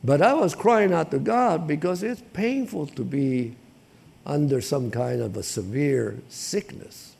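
A man preaching a sermon in a conversational, impassioned way, with repetition and street slang, rising to shouts. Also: a little high, measured pace, vocal fry, slightly rough.

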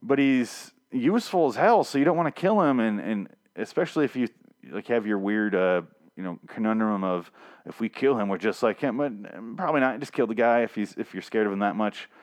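A man's voice: lowish voice, animated, a little fast. Rambling, profane man recapping comics. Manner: rambling, profane, many restarts and fillers. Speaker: comic reviewer.

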